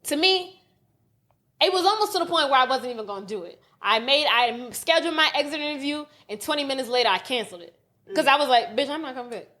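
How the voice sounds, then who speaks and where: A woman, telling a story on a podcast in a casual, animated, profane rant. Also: high-pitched, fast talker. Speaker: podcast co-host.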